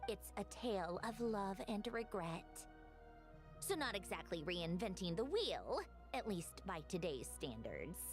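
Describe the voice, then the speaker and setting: A woman voicing a thoughtful young woman in a game, speaking in a measured, reflective way. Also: medium pitch, sing-song, soft background music. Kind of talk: game dialogue.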